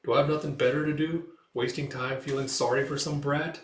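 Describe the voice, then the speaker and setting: A man voicing a gruff, world-weary veteran soldier with a dry manner, in a roomy recording. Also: mid-range voice, steady tone, a little fast, slight background noise, natural voice. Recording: roomy echo.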